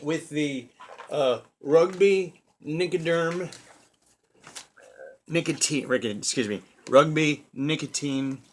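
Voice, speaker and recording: A man hosts a loose comedy monologue, his voice sitting a little high. He rambles, restarts his sentences, and keeps breaking into laughter. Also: expressive, slow pace, long pauses, a little hiss or hum. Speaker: comedy podcast host.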